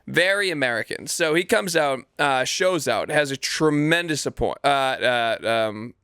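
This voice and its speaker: Excitable profane man. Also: on the high side, a little slow, smooth, dry recording, studio quality. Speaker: podcast co-host. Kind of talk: casual chat.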